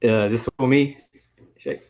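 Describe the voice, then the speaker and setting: Male student, slow and hesitant, apologetic, reciting over a video call. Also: mid-range voice, steady tone, darkish tone. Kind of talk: reciting in an online class.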